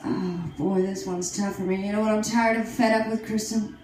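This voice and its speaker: A woman's voice: medium pitch, fairly even intonation, moderate pace, a little mellow, a little hiss or hum, natural voice. A woman playing a vain, self-dramatizing aging female celebrity who hosts a comedy show, talking in a rambling, brassy and crude way on a comedy stage. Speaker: comedy show host persona. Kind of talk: stand-up character comedy. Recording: very echoey live room.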